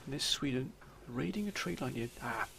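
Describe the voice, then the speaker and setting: A man commentating his strategy game, theatrically addressing viewers as sir and gentlemen. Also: medium pitch, lively intonation, normal speed, vocal fry. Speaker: let's play commentator.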